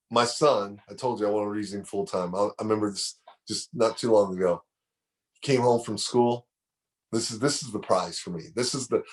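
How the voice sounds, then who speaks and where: A middle-aged man giving a motivational speech, preaching and telling a story, repeating phrases for emphasis. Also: fairly low pitch. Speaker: motivational speaker.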